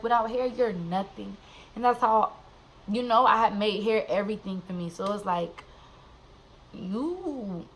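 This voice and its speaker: A young woman tells a personal story straight to the camera, candid and animated, with slang and plenty of "like"s. Her voice sits at a middling pitch. A faint background noise runs under the recording. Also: poor audio. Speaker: vlogger.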